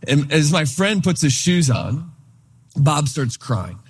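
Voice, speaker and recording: A man preaching a sermon in a relaxed, conversational way, telling a story and voicing the people in it. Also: on the high side, a little slow, breathy edge. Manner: conversational, animated retelling with quoted voices. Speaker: pastor.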